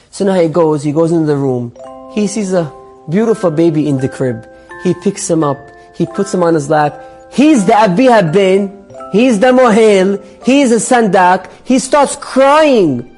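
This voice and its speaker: A man, a rabbi, telling an inspirational story in an animated way and acting out its people. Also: sits high, moderate pace, faint music behind.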